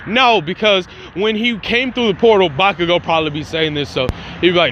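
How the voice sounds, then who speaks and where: A man's voice: high voice, a little fast, fairly bright tone, dull audio, slight background noise. A man casually retelling his own fan-fiction story, rambling and slangy with frequent profanity and restarts.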